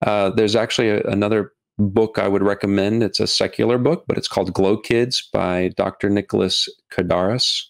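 Gravelly low-voiced man, earnest and halting. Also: steady tone. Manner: earnest, halting, restarts and repeats words. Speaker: guest, documentary filmmaker. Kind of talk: podcast interview.

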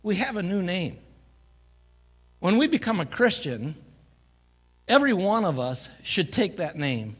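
A man's voice: sits high, big pitch swings, a little slow, long pauses, slightly rough. A man preaching a folksy guest sermon in a church, mixing jokes and laughter with scripture. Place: church sanctuary. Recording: church live stream with long hall reverb.

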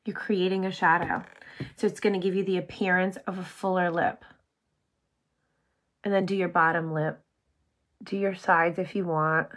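A woman hosting a casual makeup tutorial, bubbly and chatty, full of "like", often dropping to a soft whisper. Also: lowish voice, little pitch movement, normal speed, pauses often. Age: adult with sons. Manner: bubbly, chatty, heavy use of "like".

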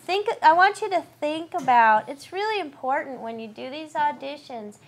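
With a high, animated voice, a woman coaches a voice actor during a live audition read. As a voice-over coach directing the session, she stays chatty and encouraging, with quick laughs and asides sprinkled throughout.

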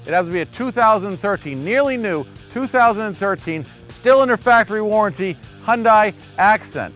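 Folksy man pitching used cars. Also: lively intonation, normal speed, fairly bright tone, faint music behind. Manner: chatty, folksy, rambling with fillers. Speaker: car dealership host. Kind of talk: local TV car sales pitch. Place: car dealership lot.

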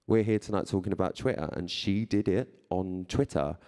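Guy in his 30s chatting to a live crowd, kinda low voice, jokey, laughs loads. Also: normal speed, warm tone. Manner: chatty and playful, laughing often. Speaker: radio and TV presenter. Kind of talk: live talk to an audience, reading tweets aloud. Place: live event before an audience.

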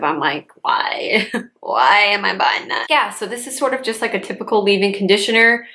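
A woman's voice: mid-range voice, pushed and bright. A young woman in her twenties, a chatty beauty vlogger reviewing hair care products with lots of casual fillers.

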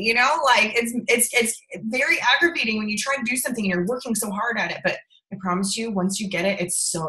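A young woman leading a casual sales training over a video call, chatty and animated, with lots of fillers and laughter. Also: echoey room. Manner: acts out quoted voices with big pitch jumps. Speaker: sales team leader training her team.

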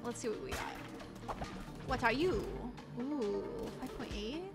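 A woman host giving chatty, excitable gameplay commentary to her viewers. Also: a little high, slow pace, vocal fry. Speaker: gaming channel host. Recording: game music behind voice. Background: game music.

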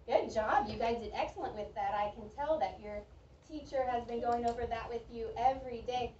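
A woman teaching a reading lesson to a young class, speaking slowly and clearly and praising the children's answers. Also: fairly high pitch, a little mellow, slight background noise. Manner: slow, clear, encouraging teacher talk with drawn-out words. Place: school classroom. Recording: echoey, distant, dull classroom recording.

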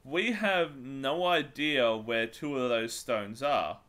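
A man's voice: medium pitch, takes it slowly, fairly bright tone. A man hosting a casual podcast chat, joking and steering the topics. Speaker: podcast host.

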